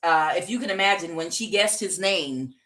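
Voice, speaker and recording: A woman's voice: lowish voice, normal speed, pushed and bright. A woman giving a casual tarot reading, chatty and rambling, with frequent fillers and laughter. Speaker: tarot reader.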